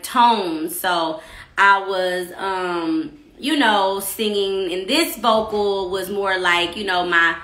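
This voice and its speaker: Chatty Texan woman in an echoey room. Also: medium pitch. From Texas. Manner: chatty, rambling, shout-outs to viewers. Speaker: singer hosting a live stream about her EP. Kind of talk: casual chat.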